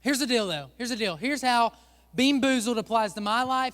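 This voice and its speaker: A man with a high voice leads a lighthearted sermon from a church stage. He jokes and teases the people up front with him, in a chatty, upbeat way. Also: animated, normal speed, a bit bright, long reverb tail. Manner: joking, chatty, teasing the volunteers. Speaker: pastor. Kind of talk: playful sermon with a stage game.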